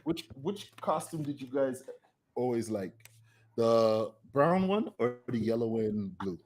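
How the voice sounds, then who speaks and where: A man's voice: mid-range voice, expressive, unhurried, a little mellow. Friendly man on a noisy call. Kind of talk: casual live-stream chat. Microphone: video call. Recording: clear background noise.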